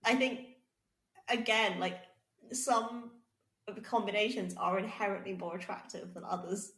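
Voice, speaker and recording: Lively woman in an echoey room. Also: mid-range voice, a little slow. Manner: lively, prompting, laughs often. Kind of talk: casual podcast conversation. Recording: roomy echo.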